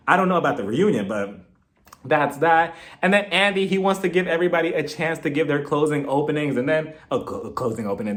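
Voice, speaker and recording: Young guy dishing on reality tv, bit high voice, laughs a lot, super chatty. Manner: chatty and gossipy, with frequent laughs and mock impressions. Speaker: YouTube TV reviewer. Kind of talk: casual show recap.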